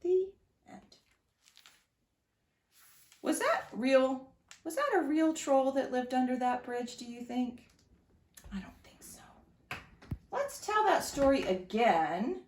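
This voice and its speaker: A woman reading a story to young children at home, animated and sing-song, often asking her listeners questions. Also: sits high, takes it slowly, long pauses. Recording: echoey room.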